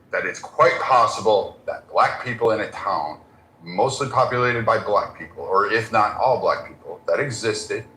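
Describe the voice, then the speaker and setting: A man's voice: fairly low pitch, fairly bright tone, slight background noise. Combative man debating on a roomy stage. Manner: combative, mocking, swears and insults. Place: stage with a panel.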